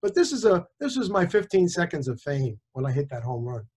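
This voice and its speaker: A man in his sixties, a chiropractor and author, telling personal anecdotes in a casual, animated way. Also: a little high, a little fast, breathy edge. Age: 60s. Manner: animated, conversational, with small restarts.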